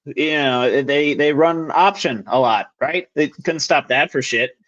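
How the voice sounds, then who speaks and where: A man's voice: on the high side, a little slow, a bit bright, highs cut off. A young man co-hosting a sports podcast, bluntly breaking down a football game in casual chat. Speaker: podcast co-host.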